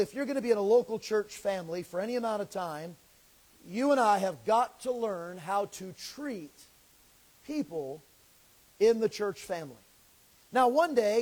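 A pastor, preaching a sermon in an earnest, folksy way with a slightly crackly, scraggly voice. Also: male voice, sits high, darkish tone. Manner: earnest, folksy, pauses to clear throat.

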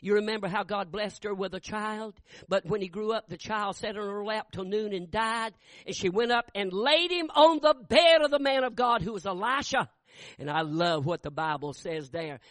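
An older man preaching a revival sermon, telling folksy stories and rising into fervent shouts. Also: sits high, normal speed, no echo.

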